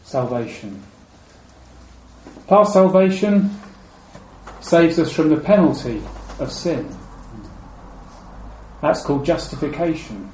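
A man with a high but warm, mellow voice gives a measured sermon. He repeats key phrases and lets them fall low and soft. The room is echoey, with faint ambient noise behind him. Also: very animated. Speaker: preacher.

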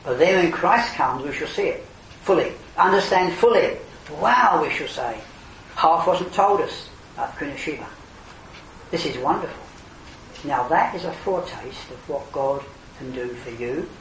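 An older man preaching an earnest evangelistic sermon, his voice swelling to emphatic calls and then falling quiet. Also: fairly high pitch, lively intonation, normal speed, a little hiss or hum. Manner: earnest, rising to emphatic exclamations then dropping soft. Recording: roomy hall, distant mic, faint ambience.

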